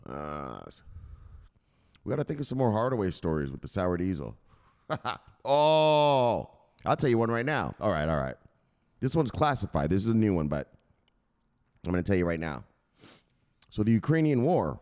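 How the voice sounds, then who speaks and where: Animated, joking man hosting a livestream. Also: fairly low pitch, normal speed, long pauses. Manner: animated, profane, joking, greets chat by name. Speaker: crypto news livestream host. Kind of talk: casual livestream chat.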